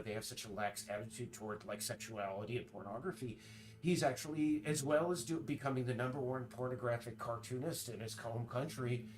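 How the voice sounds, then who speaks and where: A man streaming, chatting casually in a rambling, halting way full of restarts while he works. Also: medium pitch, a little hiss or hum. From United States.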